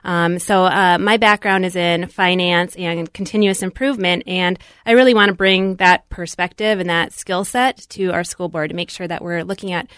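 A woman school board candidate speaking as a guest on a radio talk show in a studio, measured and polite, with some filler words. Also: lowish voice, fairly even intonation, a bit bright, no room sound. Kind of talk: radio interview.

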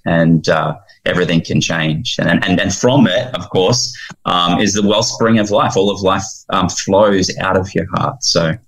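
A man speaking as a guest in an interview, heartfelt and earnest, animated when he retells scenes. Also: sits low, unhurried, gravelly, rough recording. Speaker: guest, founder of a fathers' ministry.

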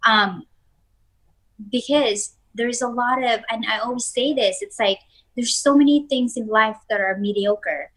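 A woman guest speaking earnestly in a relaxed chat about self-growth, often restarting her sentences. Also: fairly high pitch, measured pace, rough recording. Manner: earnest, repeats words when starting sentences. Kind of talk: casual motivational chat.

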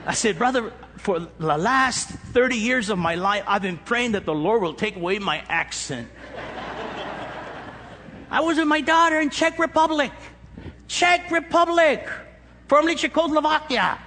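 A man's voice: extremely high pitch, lively intonation, measured pace, bright, forceful tone, slight background noise. A middle-aged man with an East Los Angeles accent preaching a sermon, emphatic and joking as he counts through a numbered list. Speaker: pastor. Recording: echoey hall with long reverb.

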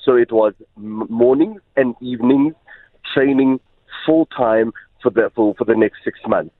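A man, telling his story as a radio guest, halting and often restarting. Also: mid-range voice, no room sound. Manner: halting, many repeated restarts. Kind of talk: casual storytelling in an interview. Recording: tinny phone line.

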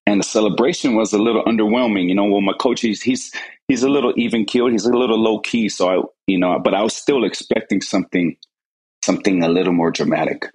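A man's voice: fairly low pitch, fast, a little mellow, husky, rough recording. A man earnestly recounting a personal story in an interview, often repeating words as he goes. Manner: earnest, repeats words, acts out quoted voices.

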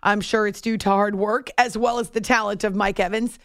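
A woman's voice: medium pitch, steady tone, brisk, a bit bright, no echo. Woman, sports radio host, chatty and self-deprecating, dry studio sound. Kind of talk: late-night sports radio talk. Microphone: studio microphone.

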